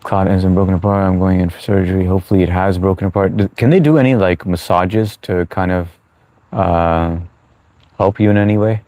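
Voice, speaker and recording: Deep-voiced laid-back male streamer. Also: steady tone, brisk, dark tone, dry recording. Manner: laid-back, chatty, greets viewers as bro and man. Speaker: live streamer. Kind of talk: casual live-stream chat reading viewer comments.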